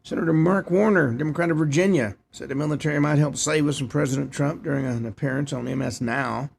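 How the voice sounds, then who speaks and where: A man's voice: a little high, fast talker, vocal fry, slightly rough. A man hosting a talk show, reading news headlines and adding short opinionated asides. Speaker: host. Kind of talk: news commentary.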